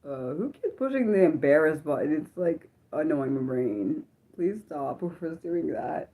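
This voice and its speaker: A woman's voice: sits low, animated, a little slow, dark tone. A young woman hosting an unscripted livestream, chatting in a rambling way with lots of filler words. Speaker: livestream host.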